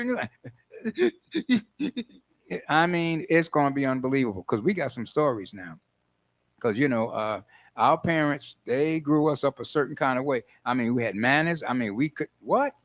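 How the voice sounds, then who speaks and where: An older man with a New York accent, hosting a call-in show in a loose, chatty monologue. His voice sits a touch high for a man, and he tells stories playfully, slipping into mock quotes. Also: moderate pace. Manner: animated, playful storytelling with laughs and mock quotes. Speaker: host. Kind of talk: casual radio-style monologue.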